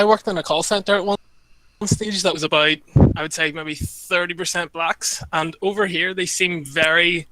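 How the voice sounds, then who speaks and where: A man's voice: sits high, sharp tone. An Irish man chatting casually as a podcast guest, hesitant and self-deprecating. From Ireland. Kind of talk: casual chat.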